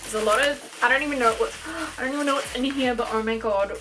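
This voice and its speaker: A young woman gushing and gasping her way through an excited makeup unboxing vlog. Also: on the high side, fast, noisy background. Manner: gushing, gasping, exclaims constantly. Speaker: beauty vlogger.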